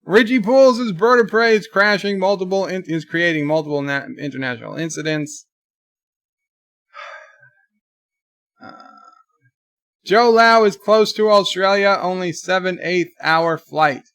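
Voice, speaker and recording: A man's voice: high voice, slow pace, pauses often, a bit bright, clean tone, no room sound, studio quality. A man hosting a casual livestream who reads viewers' chat messages aloud and answers them. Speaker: livestream host.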